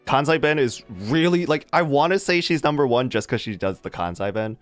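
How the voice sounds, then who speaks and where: A streamer chatting casually with a live chat, animated and rambling, laughing often. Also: mid-range voice, fairly quick, no room sound, soft background music.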